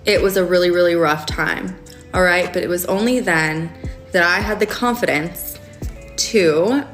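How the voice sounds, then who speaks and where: Wry, low-voiced woman telling a story. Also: a little slow, soft background music. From United States. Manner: candid, wry, many "like" fillers. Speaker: storyteller on a podcast. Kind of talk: casual storytime chat.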